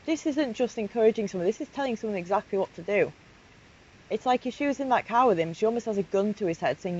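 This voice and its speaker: A woman's voice: medium pitch, animated, fast talker, a little mellow. A woman vlogger giving casual, indignant commentary as she reads through chat logs. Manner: indignant, outraged, emphatic. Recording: slightly muffled home recording with faint hiss.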